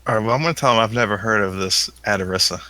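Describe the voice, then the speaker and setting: A man's voice: lowish voice, rapid-fire, pushed and bright, no room sound, poor audio. A man playing a tabletop game, playfully declaring his character's actions. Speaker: player.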